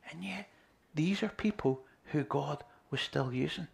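Gravelly earnest male preacher. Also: fairly high pitch, a little slow. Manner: earnest, swings between loud emphasis and quiet near-whispers. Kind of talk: sermon.

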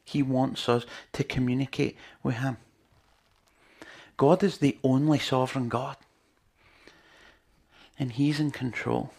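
A man delivers a sermon in a gravelly, slightly husky voice. He preaches in a chatty, earnest way and keeps turning to his listeners with rhetorical questions. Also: medium pitch, fairly even intonation, slow, pauses often, darkish tone.

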